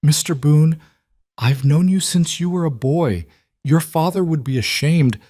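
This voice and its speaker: A man's voice: mid-range voice, lively intonation, normal speed, darkish tone, dry recording, studio quality, natural voice. A man voicing a cold, snobbish older female shopkeeper in a western audio story, stiff and scornful. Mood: indignant.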